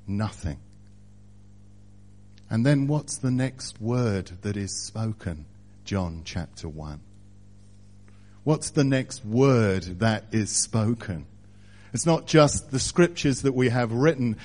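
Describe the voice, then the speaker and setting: A man preaching a sermon, speaking deliberately and building to louder emphatic passages. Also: lowish voice, animated.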